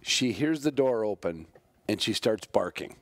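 A man's voice: lowish voice, expressive, measured pace. A man hosting a podcast interview in a friendly, chatty way, often stammering and restarting his sentences. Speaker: podcast host.

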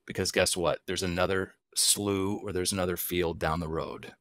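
A middle-aged man with a low voice talks easily as a podcast guest. He spins stories and throws himself questions, then answers them. The sound is close and dry, with no room around it. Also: fairly even intonation, normal speed, fairly bright tone, no echo. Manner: easygoing storyteller who asks and answers his own questions. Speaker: guest, wild game chef. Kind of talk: casual podcast conversation.

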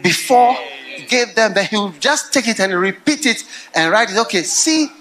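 Middle-aged male pastor, sermon delivery, animated storyteller with a sharp, high voice. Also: moderate pace. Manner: animated storytelling that swings to loud laughing outbursts.

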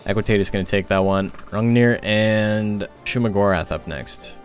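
A man with a lowish voice commentates on a game tournament stream, chatting loosely and filling pauses with "uh" and "like". Faint music plays under his talk. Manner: chatty, rambling, frequent filler words.

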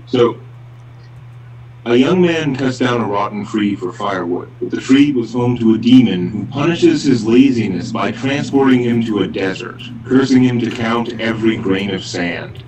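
A man reading aloud his own short story synopsis in a steady, plain way over an online call. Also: mid-range voice, moderate pace, crowd noise. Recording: roomy, distant online call mic.

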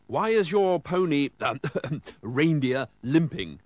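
A man voicing a kindly older gentleman who fusses over his car, genteel and a bit fussy. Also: a little high, animated, slow pace, dry recording, pitched above the performer's own voice. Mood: puzzled.

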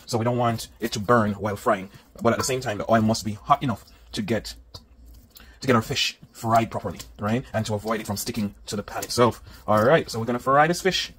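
A man's voice: mid-range voice, a little hiss or hum. A man from Jamaica with a Jamaican accent, chatting upbeat to viewers while cooking dinner at home. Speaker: home cook. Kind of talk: cooking vlog narration. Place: home kitchen. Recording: home kitchen with loud sizzling pan.

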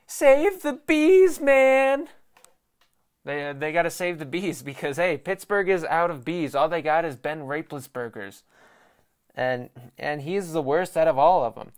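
A young man hosting a casual sports talk show, rambling off the cuff and swearing as he mocks a rival team. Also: on the high side. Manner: profane, excitable, mocking rival team; self-deprecating, off the cuff. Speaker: sports podcast host.

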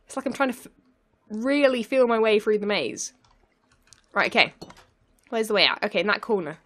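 A young female let's play gamer narrates her gameplay as it happens, using a medium-pitched, animated, fairly bright voice at normal speed. She's flustered, keeps talking herself through things, and laughs often.

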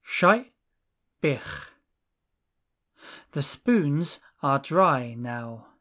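Very slow, deliberate language teacher. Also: mid-range voice, big pitch swings, a bit bright. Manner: slow, deliberate phrase-by-phrase drilling. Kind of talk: language lesson drills.

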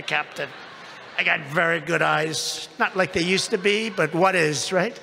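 An older man speaks from a podium with a bright, gravelly and rather high voice. He rambles through a story, piling up superlatives and going off on asides. His words ring out with the long reverb of a big arena. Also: normal speed. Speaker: rally speaker. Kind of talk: rally speech anecdote. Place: large indoor convention venue.

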